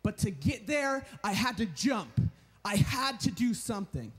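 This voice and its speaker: A young man giving a storytelling sermon at a retreat, animated and chatty with lots of filler words. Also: high voice, a little slow, breathy edge, faint music behind. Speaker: retreat speaker.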